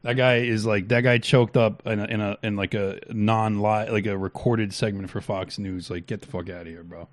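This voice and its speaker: A man's voice: fairly low pitch, steady tone, normal speed, hardly any pauses. A man co-hosting a talk stream, reacting to clips in blunt, crude, heated talk with many restarts. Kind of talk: casual profane commentary.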